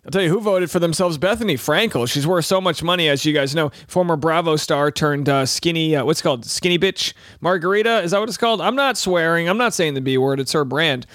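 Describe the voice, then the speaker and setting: A man's voice: fairly high pitch, lively intonation, a little fast, few pauses, a bit bright, no echo, clean studio sound. Wisecracking man hosting a news show. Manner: joking asides, rambling and self-correcting. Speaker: comedy news show host. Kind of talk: comic news commentary.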